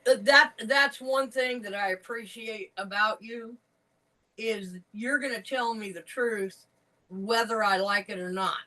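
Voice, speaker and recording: A woman chatting casually, frank and emphatic as she tells her stories. Her voice is bright and a little high, and she talks slowly. She sounds set back from the microphone. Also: distant mic, rough recording. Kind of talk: casual chat.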